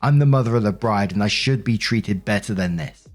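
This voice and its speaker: A man's voice: lowish voice, a little fast, faint music behind, natural voice. A man voicing a self-pitying, defensive middle-aged mother who complains in a whiny, indignant, sarcastic way.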